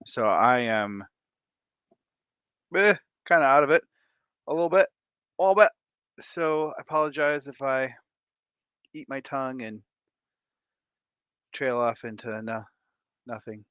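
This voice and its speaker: A man hosting a casual livestream chat, playful and animated, tired and a bit congested, talking on a close desk mic. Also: mid-range voice, unhurried, long pauses, smooth, no room sound, dull audio. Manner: animated, playful, breaks into laughs and silly voices. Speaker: livestream host.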